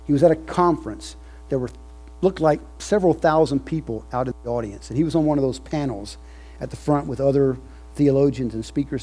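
Husky-voiced male preacher. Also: medium pitch. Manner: builds from quiet reflection to loud emphatic preaching. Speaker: pastor. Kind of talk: sermon.

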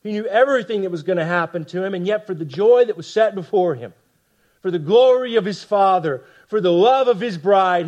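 A man preaching a sermon with passion, dropping to hushed lines for emphasis and tossing rhetorical asides to the congregation. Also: sits high. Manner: impassioned, swings from loud emphasis to hushed lines. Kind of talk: expository sermon.

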